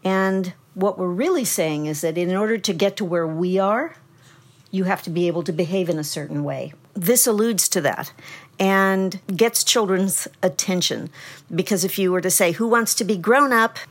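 Husky-voiced woman explaining parenting. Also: fairly low pitch, normal speed. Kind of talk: explanatory podcast talk.

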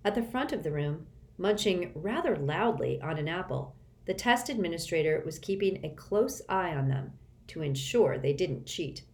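A woman's voice: lowish voice, moderate pace. A woman reading a children's novel aloud as an audiobook narrator. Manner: expressive storytelling.

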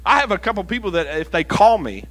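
A man preaching a sermon as associate pastor in a church, emphatic and repetitive, dropping to quiet asides. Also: high voice, big pitch swings, fast.

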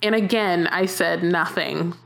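A woman's voice: on the low side, a little slow, creaky. A woman hosting a podcast, telling a personal story in a candid, chatty way, with frequent fillers and self-corrections. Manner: animated when quoting herself. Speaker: podcast host.

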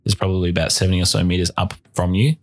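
A man's voice: low-pitched, little pitch movement, very fast. A man narrating as game master of a tabletop game, describing scenes steadily.

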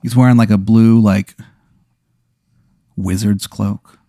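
A man's voice: on the low side, fairly even intonation, slow, dark tone, no room sound, clean studio sound. A man hosting a comedy podcast, improvising a rambling story full of fillers. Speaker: podcast host.

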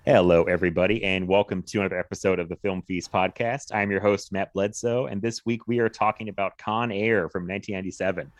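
A man hosts a casual movie podcast in a talkative, easygoing way. He laughs often and fills pauses with ums and uhs. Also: deep voice, fairly even intonation. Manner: chatty, laughs often, many fillers. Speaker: podcast host. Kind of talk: casual film podcast chat.

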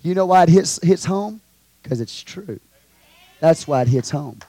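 A man with a Texan accent preaching a sermon to his congregation, swinging from quiet asides to loud shouted lines. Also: on the high side, animated, a little slow, no room sound. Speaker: pastor. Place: church.

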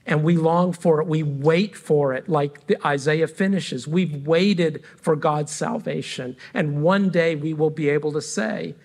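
A middle-aged man preaching a sermon as pastor, speaking earnestly and deliberately with frequent pauses between phrases. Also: a little high, gravelly, a little mellow, slightly rough. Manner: earnest and reflective.

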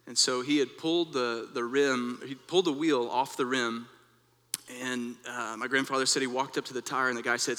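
A young man preaching in a relaxed, earnest way, telling a story like he's chatting with friends. His voice is bright and forward. The room around him rings with a long reverb. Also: mid-range voice, brisk. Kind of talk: devotional talk with personal story.

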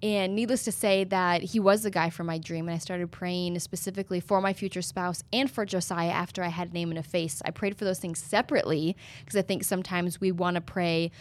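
A woman's voice: on the low side, fairly even intonation, a little fast, hardly any pauses. A young woman, a guest in an interview, telling her testimony in an earnest, preacherly way.

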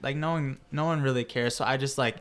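A man's voice: medium pitch, quick pace, over a noisy crowd. A young man, a guest music producer, talking casually in a laid-back, rambling way full of fillers. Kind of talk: casual chat.

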